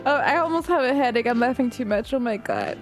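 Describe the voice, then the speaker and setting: Young woman streamer, high voice, giggly and excitable, light music underneath. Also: fast. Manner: excitable, laughs often, shrieks at game moments. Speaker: live streamer. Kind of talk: casual chat while playing a game with viewers.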